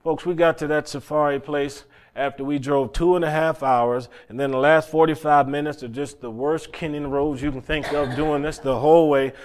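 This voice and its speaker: A man preaching and telling stories, often repeating words and climbing louder as he gets worked up. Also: a little high, moderate pace. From North Carolina, USA. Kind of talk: sermon storytelling.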